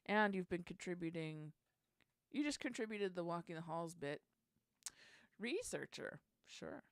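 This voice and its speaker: A woman's voice: lowish voice, expressive, unhurried, no echo. A woman hosting a casual songwriting session, thinking aloud and trying out lyric lines under her breath.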